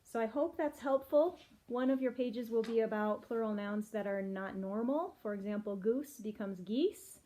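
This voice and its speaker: A woman's voice: on the high side, mellow. A woman teacher giving a patient phonics lesson to young children, asking them questions as she goes. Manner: slow, patient, clearly spelled-out teaching with questions to kids.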